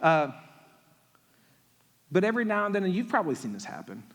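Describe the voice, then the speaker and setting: Pastor, male, very high pitched, punchy sermon cadence, long church reverb. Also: very animated, a bit bright. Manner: emphatic, repetitive preaching with quick jokes. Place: church sanctuary.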